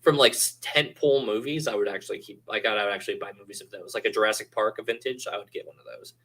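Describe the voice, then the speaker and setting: A man's voice: on the low side, fast, bright, forceful tone, rough recording. A man co-hosting a live-streamed podcast in casual, rambling chat, joking and swearing freely. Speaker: podcast co-host.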